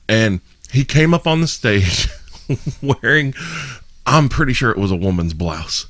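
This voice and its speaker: A man co-hosting a podcast, telling a story in an animated, casual way. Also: mid-range voice, moderate pace, no room sound, studio quality. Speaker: podcast co-host.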